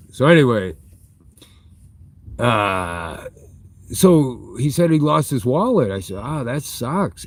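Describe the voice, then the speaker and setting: A middle-aged man with a voice of ordinary pitch, chatting loosely on a live stream. He wanders through a story and stops now and then to reply to viewer comments. He talks from inside a large store. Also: dry recording. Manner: chatty, reads and answers viewer chat mid-story. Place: inside a big retail store.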